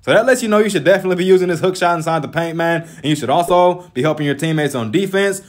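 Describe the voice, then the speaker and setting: A man's voice: fairly high pitch, quick pace. A man giving casual game tips as a voice-over, talking with constant "man" fillers in an exasperated, lecturing way. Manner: animated, frequent "man", lecturing. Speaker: gaming YouTuber.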